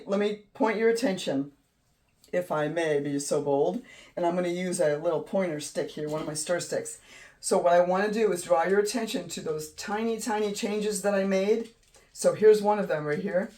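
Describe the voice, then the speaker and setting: A woman hosting a casual painting tutorial, gushing and excitable, often trailing off mid-sentence. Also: fairly low pitch. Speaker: art channel host. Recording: voice a bit distant from the mic.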